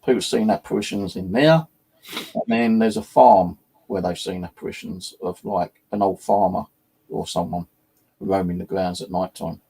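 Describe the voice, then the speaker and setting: A man's voice: sits low, moderate pace, vocal fry, warm tone, husky. A man, hosting his own channel and rambling through ghost stories in casual chat, swearing freely and filling with "you know" and "like". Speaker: channel host.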